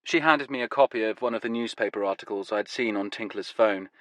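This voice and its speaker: A man reading a first-person story aloud in a wry, deadpan way. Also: on the low side, brisk, no room sound. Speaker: audiobook narrator. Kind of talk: first-person scripted narration.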